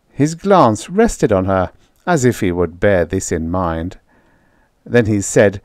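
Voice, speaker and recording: Slow, deliberate male audiobook narrator. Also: sits low, no room sound, studio quality. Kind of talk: scripted narration of a vintage horror story.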